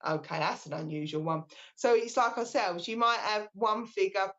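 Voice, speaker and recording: A British woman working as a medium, giving a live reading in a gentle, reassuring way that often restarts mid-sentence. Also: mid-range voice, moderate pace. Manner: gentle and reassuring, relays messages with frequent restarts. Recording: slightly dull lo-fi sound.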